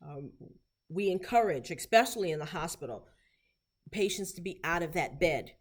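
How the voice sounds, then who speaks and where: Slow-drilling woman teacher, lowish voice. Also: expressive, breathy edge. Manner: patient, repeats phrases slowly for practice. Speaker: therapy clinician teaching Spanish. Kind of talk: instructional video lesson.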